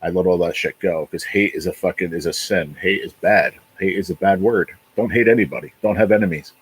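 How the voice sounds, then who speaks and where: A man in his late forties hosts a casual livestream in a low, brisk, slightly rough voice. He talks bluntly, swears a lot and repeats himself. The recording quality is rough.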